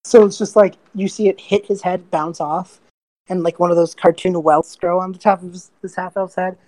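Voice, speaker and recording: A woman's voice: lowish voice, steady tone, normal speed, mellow, no room sound. A woman running a tabletop game as game master, narrating playfully with giggles and lots of fillers.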